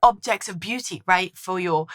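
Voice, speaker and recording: A woman's voice: lowish voice, normal speed, a bit bright. A woman parenting coach giving encouraging advice to mothers in a vlog, asking lots of rhetorical questions.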